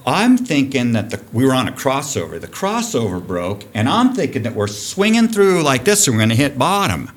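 A man in his fifties, a diving program director, telling a dive story on a podcast guest spot, animated and profane. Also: medium pitch, normal speed, few pauses. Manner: animated, profane storyteller who acts out shouting.

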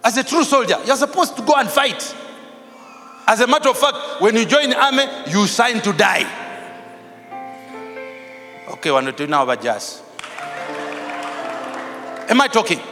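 A man preaching as a pastor, telling stories and acting out the dialogue, shouting for emphasis. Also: very high-pitched, sing-song, unhurried, pauses often. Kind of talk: preaching with storytelling. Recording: large hall with reverb, faint music.

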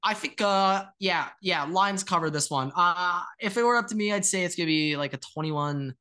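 A man's voice: sits high, moderate pace, pushed and bright, clean tone. A young man co-hosting a sports podcast, talking casually, blunt and teasing, often cutting in on his partner. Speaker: podcast co-host.

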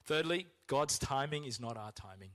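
A man preaching a sermon as pastor, acting out complaints to God in a raised, strained voice. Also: moderate pace. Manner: animated, acts out complaints to God in a high strained voice.

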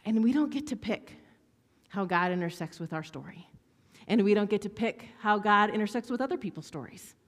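A woman delivering a sermon with mid-range pitch and a loose, chatty delivery, calling for responses from the congregation. Her voice carries the long reverb of a large hall. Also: a little fast. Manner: conversational, animated, asks audience to respond. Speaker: pastor. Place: church hall with audience.

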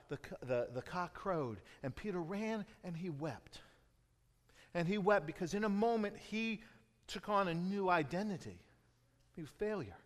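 A man preaching a sermon as a pastor, moving between loud emphatic lines and hushed, near-whispered retellings. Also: a little high, long reverb tail.

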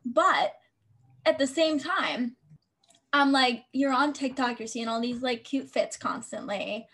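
High-voiced young woman chatting. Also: slow pace, a bit bright. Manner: chatty, filler-heavy, self-joking. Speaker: podcast co-host. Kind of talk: casual chat.

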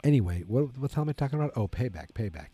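A man's voice: mid-range voice, very animated, rapid-fire, dark tone, slightly rough, dry recording. A tired man hosting his own wrestling talk show, rambling casually with many fillers and restarts. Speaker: wrestling podcast host. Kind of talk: casual solo commentary.

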